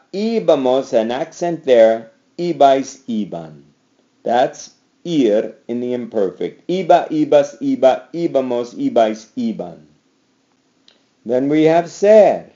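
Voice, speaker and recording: A man's voice: medium pitch, mellow, highs cut off. A man teaching a recorded slide lesson, drilling verb endings aloud and repeating them for the class. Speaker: Spanish teacher.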